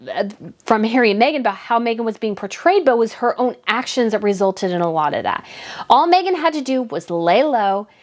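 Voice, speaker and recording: A woman giving casual, opinionated commentary on royal news, full of "I feel like" fillers. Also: fairly high pitch. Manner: opinionated, acts out mocking quotes in a whiny voice.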